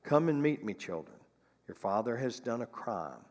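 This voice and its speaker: A man's voice: mid-range voice, big pitch swings, moderate pace, darkish tone, in a large hall, lightly acted. A man reading aloud the earnest farewell words of a condemned man to his children, in a church sanctuary. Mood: pleading.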